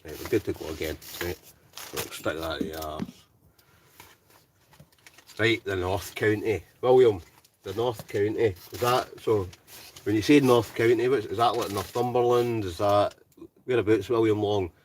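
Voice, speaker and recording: Broadcasting live from a hot tent, this Scotsman reads out viewer comments and chats loosely, tagging "right?" onto many lines. He speaks at a normal speed in a fairly low, darkish voice. The mic is distant and picks up a touch of hiss or hum.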